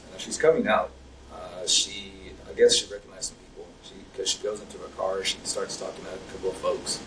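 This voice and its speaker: Deep, hesitant young man rambling. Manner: hesitant, rambling, many fillers. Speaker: interview subject. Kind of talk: recounting events in an interview. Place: interrogation room. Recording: distant mic, faint noise.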